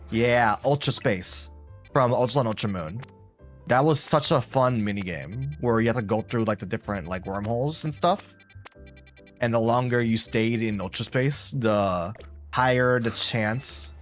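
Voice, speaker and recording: Male streamer, mid pitch, very lively intonation, rambling chat over faint game music. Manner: chatty, rambling, talks to chat. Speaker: live-streamer. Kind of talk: casual gameplay commentary.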